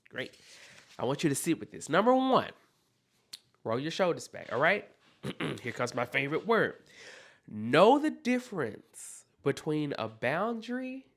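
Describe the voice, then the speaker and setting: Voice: mid-range voice, a bit bright. A podcast host giving a motivational monologue, speaking emphatically, repeating key points and often checking in with listeners. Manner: loose, conversational delivery with self-corrections.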